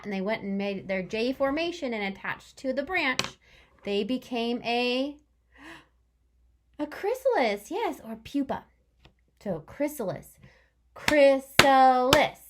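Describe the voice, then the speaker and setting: A young woman teaching young children, sounding out long words slowly in a cheerful, praising sing-song way. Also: fairly high pitch, fairly bright tone, slight background noise. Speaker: kindergarten teacher. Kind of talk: remote lesson for young children.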